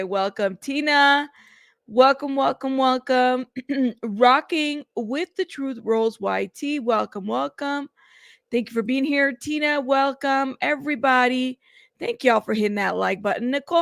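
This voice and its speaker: A woman's voice: sits high, measured pace, gravelly, fairly bright tone, no room sound, clean studio sound. A woman hosting a casual news livestream, greeting chatters by name in a chatty way. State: out of breath.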